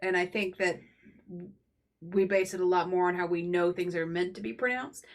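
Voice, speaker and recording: Woman, lowish voice, game master, casual podcast talk, explains plainly. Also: steady tone. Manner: explains plainly, quick affirmations. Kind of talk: casual discussion.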